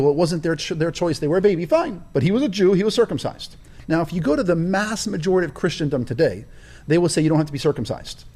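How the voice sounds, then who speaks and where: Guy telling his story in an interview, emphatic, swoops up and down a lot, kinda high voice. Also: a little mellow. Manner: emphatic, preaching cadence, stresses key words. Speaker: interview guest. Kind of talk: personal storytelling in a conversation.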